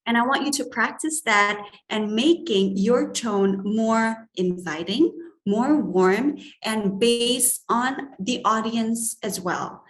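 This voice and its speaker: A woman's voice: a little high, slow pace, roomy sound. A woman from Indonesia, giving a lecture on speaking skills and shifting her tone to demonstrate examples. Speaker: etiquette trainer and guest lecturer.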